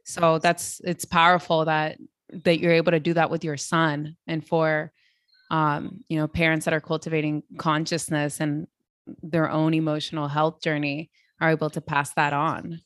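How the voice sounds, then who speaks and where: Woman host, somewhat low pitch, dry close sound, reflective, spiritual wording. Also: level tone, moderate pace, no room sound. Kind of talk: casual podcast conversation.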